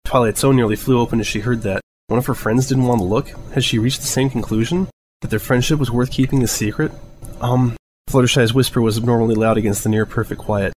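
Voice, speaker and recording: A man reads a story aloud in a measured, steady narration. His voice sits at an ordinary middle pitch, with faint noise underneath. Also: low-quality recording. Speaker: fanfiction reader.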